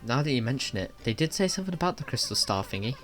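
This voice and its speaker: A man's voice: mid-range voice, big pitch swings, rapid-fire, faint music behind, close to an everyday voice. A man voicing a small, frightened young male puni creature who talks in a jumpy, pleading way in a video game.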